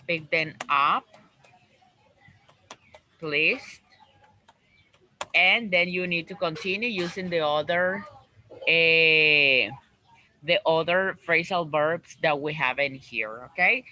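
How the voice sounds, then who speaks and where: Guy teaching english on a video call, slow and bright, keeps repeating words. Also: on the high side, a little hiss or hum, poor audio. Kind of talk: online class teaching.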